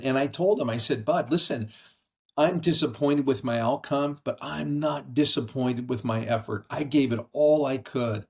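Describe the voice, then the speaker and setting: Middle-aged man, earnest storyteller, conversational, mid-pitched voice. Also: moderate pace, creaky. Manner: earnest, animated storyteller acting out quoted voices. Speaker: podcast guest. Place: brother-in-law's house.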